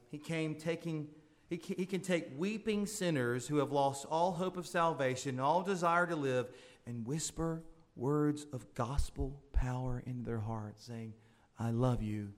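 Pastor preaching to his congregation: a man with a fairly high voice, earnest, rising emphasis, soft confiding asides. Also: moderate pace. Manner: drops to soft intimate asides. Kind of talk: sermon.

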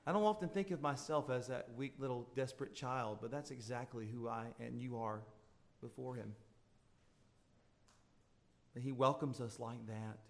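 A man preaching a sermon as pastor, swelling into emphatic appeals and dropping into soft, intimate asides. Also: medium pitch, moderate pace, long pauses.

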